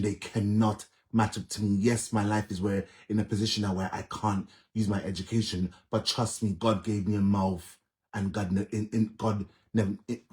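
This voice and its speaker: Earnest Jamaican man, low voice, pleading. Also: darkish tone. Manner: earnest, pleading, heavy repetition. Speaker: live streamer. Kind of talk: casual live-stream monologue.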